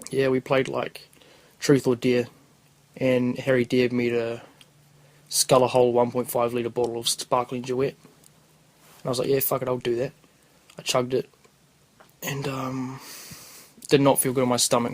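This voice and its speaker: A man's voice: mid-range voice, gravelly, low-quality recording. A young man with a New Zealand accent, a podcast host telling rambling, crude stories in casual slang. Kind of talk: casual storytelling.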